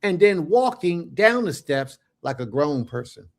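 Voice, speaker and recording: A man hosting a religious livestream, animated and folksy, giving blessings and chatting with his viewers. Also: fairly high pitch, measured pace. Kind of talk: casual livestream chat.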